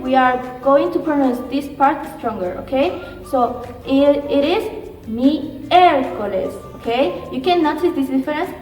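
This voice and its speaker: Woman, high voice, slow patient language teacher. Repeats words for learners. Distant mic, roomy reverb. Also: darkish tone. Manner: slow, patient, checks in with "okay?"; repeats words slowly for the viewer to echo. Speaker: Spanish teacher. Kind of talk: beginner language lesson.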